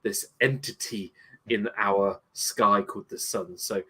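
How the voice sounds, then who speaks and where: A man's voice: on the low side, a little slow, husky. A man from the UK, a guest on a casual livestream, telling joking stories. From United Kingdom. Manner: joking, lively storytelling. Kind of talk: casual chat.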